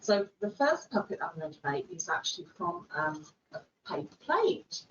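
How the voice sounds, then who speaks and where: A woman working in early years education, giving a gentle, animated craft demonstration. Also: lowish voice, moderate pace, dull audio, a little hiss or hum. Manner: gentle, animated, with playful voices. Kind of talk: instructional demonstration.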